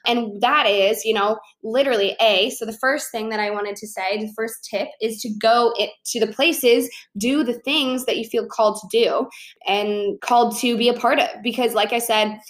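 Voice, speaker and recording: Young woman vlogger, chatty storyteller, a touch higher-pitched voice, casual and animated delivery. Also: moderate pace. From Chicago, USA. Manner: chatty, animated, lots of fillers like "like" and "you know". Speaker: vlogger giving social tips.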